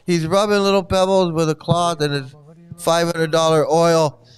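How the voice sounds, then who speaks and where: Guy on a livestream laughing and cussing at stuff, kinda high, super clean voice. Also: little pitch movement, moderate pace, clean tone. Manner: mocking, profane, laughs often. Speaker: online streamer criticizing a cult. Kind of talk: casual reaction livestream.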